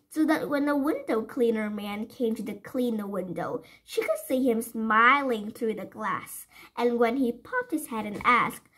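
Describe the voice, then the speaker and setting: Woman storyteller, children's book read-aloud, high and very lively, breathy tone. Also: rough recording. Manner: gentle, sing-song, asks listeners questions.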